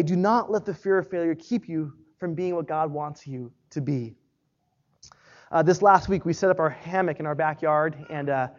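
A man's voice: sits high, darkish tone, muffled recording. A man in his thirties preaching a sermon, earnest and encouraging as a pastor.

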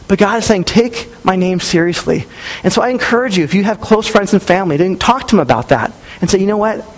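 A man's voice: high-pitched, rough recording. A man in his thirties preaching a sermon as a pastor, speaking conversationally and acting out quotes as he tells stories. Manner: conversational, storytelling with acted-out quotes.

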